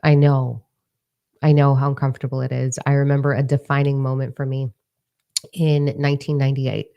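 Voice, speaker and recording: A woman's voice: a bass voice, level tone, a little fast, dull audio. A middle-aged woman giving a candid motivational monologue, blunt and profane, driving her points home by repeating words. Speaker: motivational speaker.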